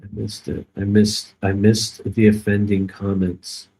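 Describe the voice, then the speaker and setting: Low-voiced sarcastic live streamer. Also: male voice, monotone, measured pace, creaky, a little mellow, low-quality recording. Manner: rambling, joking, sarcastic. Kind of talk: casual live stream chat.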